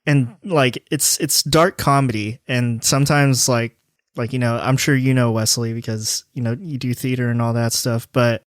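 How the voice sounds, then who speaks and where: A man hosts a casual podcast and chats loosely, leaning on "like" and "you know" as he goes. His voice sits at an ordinary middle pitch. It's recorded close and dry, with no room sound. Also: fairly even intonation, moderate pace, no room sound. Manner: loose, filler-heavy talk full of "like". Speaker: podcast host.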